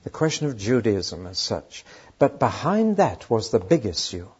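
Older preacher, husky and lively. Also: male voice, on the low side, moderate pace. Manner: storytelling, emphatic rhetorical questions. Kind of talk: sermon. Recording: dull lo-fi sermon recording.

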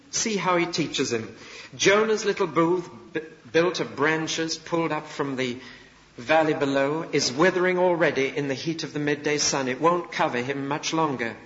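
A man preaching a sermon, retelling a story and acting out its voices with feeling. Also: a little high. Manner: expressive storytelling, acting out voices of prophet and God. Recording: dull lo-fi recording with long reverb.

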